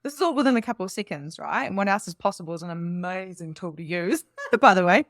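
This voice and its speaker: A woman speaking as a spiritual coach in a casual, rambling monologue, animated and laughing often. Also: on the low side, fast, no room sound, clean studio sound. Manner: animated and enthusiastic.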